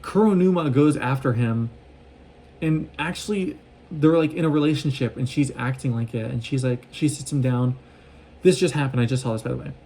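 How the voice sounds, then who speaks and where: A man talking fast in a casual, excited recap vlog, rambling with lots of fillers and restarts, recorded on a phone. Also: medium pitch, slight background noise. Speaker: vlogger recapping a show.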